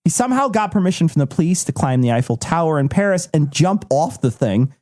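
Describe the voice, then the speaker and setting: A man's voice: a little high, very animated, fast, darkish tone. A man hosting a comedy podcast, reading out facts in a wry, matter-of-fact way with joking asides. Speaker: podcast host reading the list.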